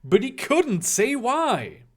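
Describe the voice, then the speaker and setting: A man's voice: very high-pitched, huge pitch swings, takes it slowly. A man reading fan fiction aloud and mocking it with crude, sarcastic commentary and frequent swearing. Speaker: reader and commentator.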